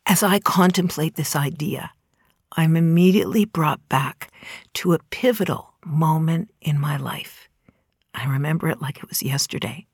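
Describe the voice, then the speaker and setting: A woman in her forties giving an earnest, measured spoken reflection with dramatic emphasis. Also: low-pitched, breathy edge, dry recording, studio quality. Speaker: inspirational speaker.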